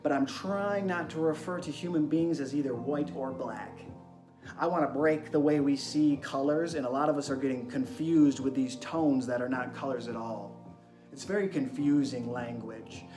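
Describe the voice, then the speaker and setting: Young man, host, excitable, rhetorical questions, echoey room, music behind. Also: mid-range voice, normal speed. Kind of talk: energetic wellness monologue.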